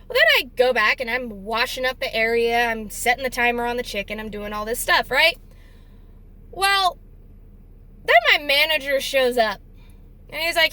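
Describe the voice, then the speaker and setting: A woman's voice: sits high, expressive, a little slow, sharp tone, rough recording. A young woman telling a workplace story in a chatty, exasperated way, casual storytime vlog. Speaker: deli worker telling a story.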